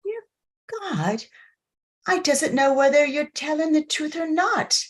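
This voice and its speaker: A woman's voice: high voice, lively intonation, takes it slowly. A woman reading the part of a naive, trusting young peasant girl who speaks in rustic, broken grammar in a play reading over a video call. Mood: shy. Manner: rustic ungrammatical speech, hesitant.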